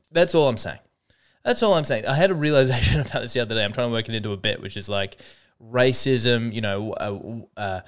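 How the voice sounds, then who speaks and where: Sardonic Australian man, lively delivery. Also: mid-range voice, smooth. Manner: sardonic, self-deprecating, mock-earnest irony. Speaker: comedian podcast host. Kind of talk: solo comedy podcast monologue.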